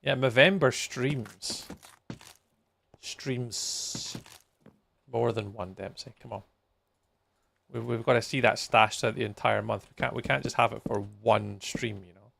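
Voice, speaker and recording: A man's voice: on the low side, fairly even intonation, normal speed, gravelly, fairly bright tone. A man chatting casually with viewers on a live game stream, tired and yawning as he reacts to messages while he plays.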